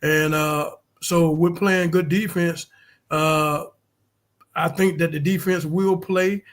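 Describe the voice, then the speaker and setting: A man co-hosting a sports podcast, giving casual analysis in a thoughtful, halting way with many fillers. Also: a little high, steady tone. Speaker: podcast co-host.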